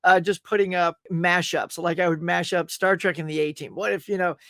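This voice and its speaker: A man's voice: sits high, fairly even intonation, a little fast, a bit bright, no echo, clean studio sound. A man hosting a casual interview, talking enthusiastically, laughing often and rambling through his stories. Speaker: podcast host.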